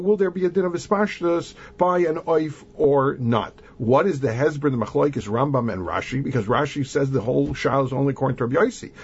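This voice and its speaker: A man's voice: medium pitch, a little mellow, breathy edge. A man with a Yeshivish accent teaching a Talmud lesson, reasoning aloud through the argument and using many Hebrew and Yiddish terms. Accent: Yeshivish English. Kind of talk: Talmud lesson, analytical explanation. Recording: dull lo-fi recording.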